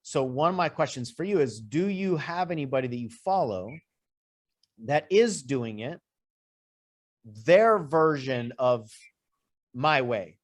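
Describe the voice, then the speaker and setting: A man's voice: medium pitch, animated, slow pace, long pauses. A man working as a life coach, talking a client through her business goals in a loose, conversational way with lists and asides. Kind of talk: coaching session.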